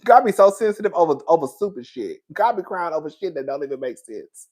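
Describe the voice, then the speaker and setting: A man hosting a casual live chat with his viewers, animated and profane, laughing often and calling them girl and honey. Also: on the high side, quick pace. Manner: calls listeners girl and honey. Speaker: YouTube commentator.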